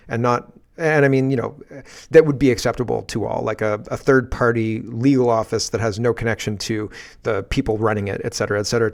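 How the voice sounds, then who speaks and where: Man, livestream host, defiant, emphatic, swears freely, talking from a garage. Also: medium pitch. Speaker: political commentary host. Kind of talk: unscripted livestream rant. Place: his garage.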